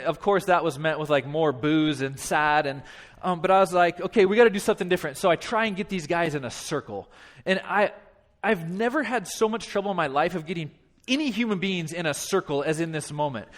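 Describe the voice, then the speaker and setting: A man in his thirties, a pastor telling a funny story in a sermon, animated and self-deprecating. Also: high voice. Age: 30s. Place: church.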